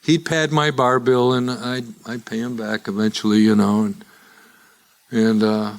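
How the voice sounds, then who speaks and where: A man's voice: medium pitch, level tone, unhurried, creaky. An older man from Chicago, speaking to a live audience as a guest at a recovery meeting, telling his life story with wry jokes and chuckling at his own punchlines.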